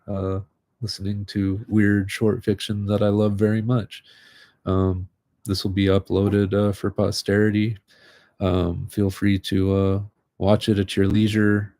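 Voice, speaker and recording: A man reading literary short stories aloud in a calm, unhurried way, chatting casually between them. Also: lowish voice, gravelly, dry recording, clean studio sound. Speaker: reader of short fiction. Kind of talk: live reading of literary fiction.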